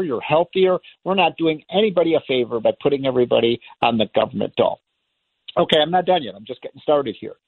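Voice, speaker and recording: A man with a fairly high voice delivers an impassioned political monologue as a radio talk host. He is emphatic and sarcastic and drives each point home through repetition. The sound is thin and phone-like, with no room echo. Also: breathy edge. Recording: tinny phone-line sound, dry.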